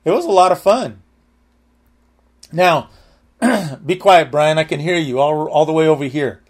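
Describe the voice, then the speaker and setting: A man's voice: fairly high pitch, lively intonation, moderate pace, a little mellow. A man preaching a sermon in a loose, conversational way, full of restarts and calls of amen. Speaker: pastor.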